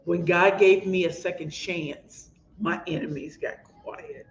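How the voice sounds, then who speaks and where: A woman's voice: on the low side, steady tone, takes it slowly, slight background noise. A woman author from St. Louis with a St. Louis accent, hosting a motivational livestream in an impassioned, preachy way and calling her viewers y'all. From St. Louis, USA. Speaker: author and host. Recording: echoey, dull lo-fi room sound.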